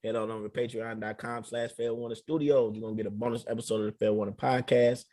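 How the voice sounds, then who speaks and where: A man's voice: mid-range voice, steady tone, fast talker, mellow, no echo, studio quality. A young adult man hosting a casual podcast, telling stories loosely in heavy slang with plenty of swearing. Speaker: podcast host.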